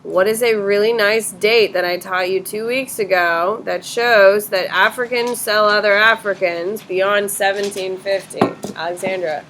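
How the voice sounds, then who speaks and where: A woman teacher in a classroom, questioning students briskly and bluntly correcting their answers. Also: medium pitch, steady tone, a bit bright, a little hiss or hum.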